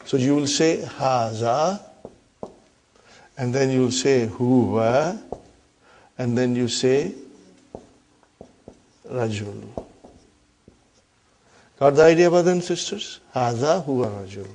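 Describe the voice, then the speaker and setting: A man's voice: medium pitch, slow, long pauses, a little mellow. A man teaching an Arabic grammar lesson, explaining step by step, repeating key terms and often asking the class if they follow. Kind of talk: classroom lecture.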